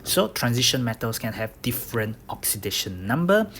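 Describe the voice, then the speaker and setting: A man's voice: mid-range voice, big pitch swings, moderate pace, fairly bright tone, slight background noise. A man, a chemistry tutor, lecturing over slides, explaining step by step and checking in with "okay?" after each point. He has a Bruneian accent. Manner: explains step by step, repeats key points, says "okay?" often.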